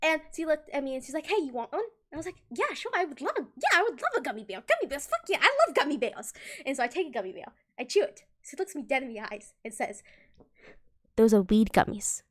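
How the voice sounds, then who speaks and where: A woman's voice: high-pitched, quick pace. A young woman streaming live, telling school stories to her chat in a casual, giggly way, acting out quoted lines. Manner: giggly, animated, acts out quotes.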